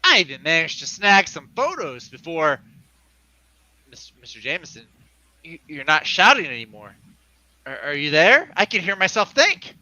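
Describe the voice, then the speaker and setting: Brief: jokey man, high bright voice, reading comic lines. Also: sing-song, moderate pace, no room sound, dull audio. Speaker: comic reader. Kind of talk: comic read-along, voicing a character.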